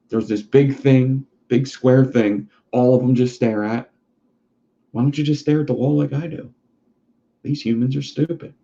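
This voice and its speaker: A man's voice: mid-range voice, vocal fry, warm tone, natural voice. A man voicing a smug male house cat that mocks humans with profane scorn. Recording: dull lo-fi sound.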